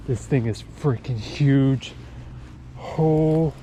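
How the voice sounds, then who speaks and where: Slow, dark-voiced man fishing outdoors. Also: medium pitch. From Texas. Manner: breathless, exclaiming, talks to the fish. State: shaking with excitement. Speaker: fishing vlogger. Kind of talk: excited outdoor commentary. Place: outdoors by a lake dam. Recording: dull lo-fi outdoor audio with faint noise.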